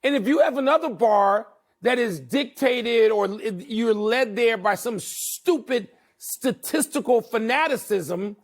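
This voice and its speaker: An older man co-hosting a sports talk show, arguing emphatically and slowing down to hammer his points. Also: extremely high pitch, lively intonation. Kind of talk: heated sports debate.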